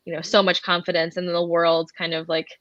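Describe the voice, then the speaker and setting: A woman co-hosts an online panel in a slightly low voice, chatting casually with frequent likes and you-knows. The audio is dull and lo-fi, with a dry, close sound. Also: completely flat delivery, brisk, a bit bright, no echo. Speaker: co-host. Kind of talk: live online panel chat.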